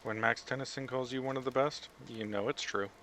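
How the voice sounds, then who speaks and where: Man co-streamer, casual chat, amused, mid-pitched, faint hiss. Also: steady tone, fairly quick, pushed and bright.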